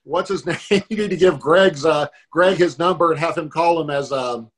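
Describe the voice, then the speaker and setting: A man's voice: on the high side, moderate pace. A man co-hosting a podcast, chatting casually and making wry joking asides. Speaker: podcast co-host. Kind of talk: casual chat.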